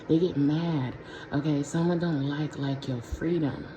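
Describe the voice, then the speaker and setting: A woman's voice: low voice, fairly even intonation, measured pace. A woman doing a casual pick-a-pile tarot reading for her viewers, talking in a slangy, profane, conversational way from a room at home. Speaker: tarot reader. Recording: echoey room with clear background noise.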